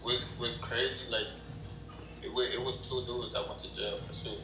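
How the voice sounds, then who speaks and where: A man from Cleveland on a video call, telling his story haltingly with many restarts. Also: mid-range voice, fairly even intonation, crowd noise. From Cleveland, Ohio. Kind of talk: casual storytelling. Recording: distant echoey video call audio with noise.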